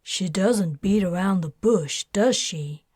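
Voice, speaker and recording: A woman voicing Ariel, a shrewd, mocking female underworld boss with a wry, smooth manner, in an audiobook. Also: medium pitch, slow pace, darkish tone, no room sound, studio quality.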